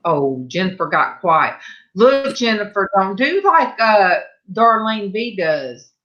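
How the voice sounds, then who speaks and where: A woman hosting a live stream, chatting casually with viewers in a slow, rambling way. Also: medium pitch, very animated, a bit bright. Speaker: livestream host. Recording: muffled lo-fi audio.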